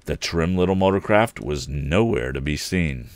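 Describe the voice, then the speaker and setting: A man reading an old adventure novel aloud as a livestream storyteller, expressive and voicing each character. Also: very deep voice, moderate pace, no room sound.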